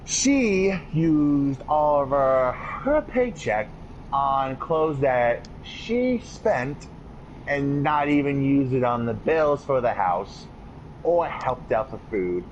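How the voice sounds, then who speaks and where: Male podcast host, ranting and cursing through a story, mid-pitched, dull lo-fi audio with faint hiss. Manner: profane, ranting delivery. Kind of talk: casual storytelling chat.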